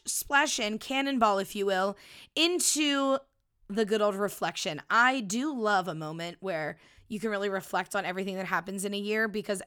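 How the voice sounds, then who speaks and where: Woman in her 30s, podcast host, bright tone, smooth clear voice, playful casual chat. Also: mid-range voice. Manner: chatty, playful, swears casually. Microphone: studio microphone.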